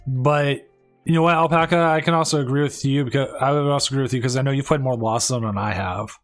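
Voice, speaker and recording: A man's voice: mid-range voice, quick pace, faint music behind. A man hosting and casting a live tournament stream, talking casually and rambling with many restarts and fillers. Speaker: tournament stream host and caster.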